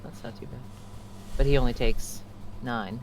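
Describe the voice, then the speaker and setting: A man's voice: mid-range voice, steady tone, normal speed, noisy background. A man playing a tabletop game, chatty and apologetic, double-checking the rules as he rolls. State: clearing throat, choking on mucus. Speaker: player. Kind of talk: casual tabletop play.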